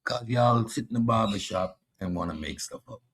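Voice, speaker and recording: A host with a Caribbean accent delivers a combative philosophy monologue, boasting and mocking his audience. His voice is lowish, a bit bright and breathy, at a normal speed.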